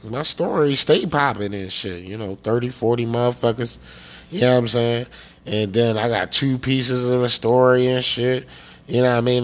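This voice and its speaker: A man from Pennsylvania hosting a show, ranting casually and profanely and checking in with his listeners again and again. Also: medium pitch. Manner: profane, repeats "you know what I'm saying". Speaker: podcast host.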